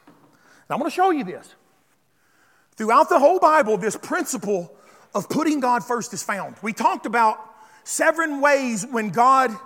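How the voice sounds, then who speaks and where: A man preaching a sermon as pastor, calling on the congregation to respond and building up to shouts. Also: very high voice, sing-song, measured pace, in a large hall, a faint crowd.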